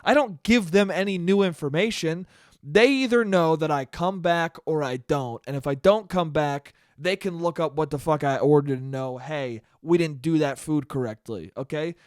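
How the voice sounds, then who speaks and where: A man rants alone into the mic, his voice pitched high for a man and swinging into sudden loud bursts of exasperation. He swears freely and talks fast in a casual monologue. The sound is dry and close, with no room echo. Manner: profane, exasperated ranting with sudden loud spikes. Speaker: podcast host. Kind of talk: solo ranting podcast monologue.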